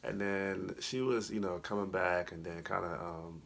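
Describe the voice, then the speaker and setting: A man joins his wife in a casual conversation. His voice sits very low, and he talks hesitantly, often pausing to gather his thoughts. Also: steady tone, creaky, fairly bright tone, slight background noise. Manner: hesitant, with many fillers and restarts. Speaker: husband and co-host.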